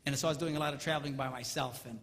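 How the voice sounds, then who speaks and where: A man giving a comedic seminar talk on marriage, animated and mimicking squealing women in falsetto. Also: very fast. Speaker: comedic relationship speaker. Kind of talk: stand-up style seminar talk. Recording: live hall, faint ambience.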